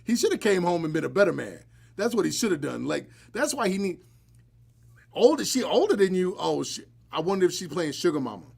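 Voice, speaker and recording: A man's voice: sits high, fairly quick, vocal fry, breathy edge. A man hosting a live podcast, chatting casually and bluntly with joking asides. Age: adult, married. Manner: blunt, joking, animated storytelling. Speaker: podcast host.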